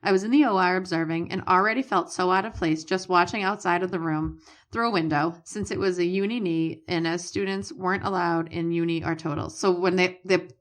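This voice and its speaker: A woman's voice: fairly low pitch, steady tone, fairly quick. A woman with a Boston accent, co-hosting a podcast and reading listener letters aloud in a plain, matter-of-fact way. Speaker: podcast co-host.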